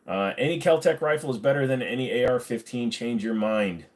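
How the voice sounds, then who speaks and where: A man's voice: mid-range voice, fairly quick. A man hosting a casual livestream, reading viewer comments aloud and answering them in a blunt, sarcastic way, swearing freely. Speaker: livestream host.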